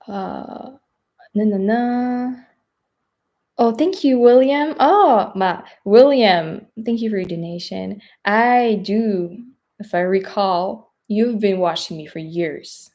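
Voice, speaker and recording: Woman, French accent, young adult, unhurried, hesitant, lots of ums, soft asides. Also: medium pitch. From France. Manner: hesitant, many fillers, soft trailing asides. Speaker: travel vlogger. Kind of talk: live stream chat reading viewer questions.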